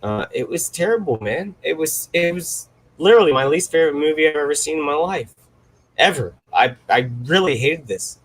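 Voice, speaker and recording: Man, blunt dismissive movie talk, casual, slightly high voice. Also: animated, normal speed, a bit bright, husky, low-quality recording. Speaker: podcast co-host. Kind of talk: casual movie review chat.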